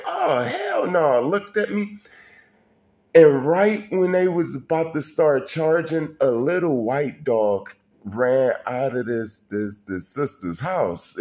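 A man with a mid-range, darkish voice tells a personal story casually and colloquially. He talks straight to the listener and keeps restarting his sentences.

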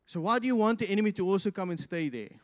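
A man preaching a sermon as pastor, swinging from loud, impassioned peaks to quiet asides. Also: high-pitched, lively intonation, very fast. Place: church hall. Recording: reverberant church hall.

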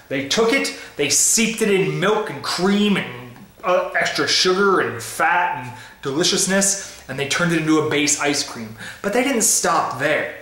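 A man's voice: on the high side, fairly bright tone. A man giving an upbeat, playful food review in a casual vlog, tasting as he talks. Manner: tasting ice cream while talking. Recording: roomy echo.

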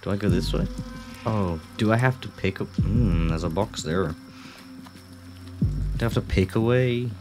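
A man playing a horror game, commentating nervously and joking to himself. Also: on the low side. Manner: nervous, joking self-talk. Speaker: gaming channel host. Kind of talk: let's-play commentary. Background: game music.

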